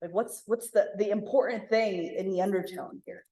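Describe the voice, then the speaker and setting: A woman leading an interactive communication workshop for a live group, acting out example lines with lively emphasis. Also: mid-range voice, moderate pace. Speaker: workshop facilitator. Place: room with live audience. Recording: echoey room.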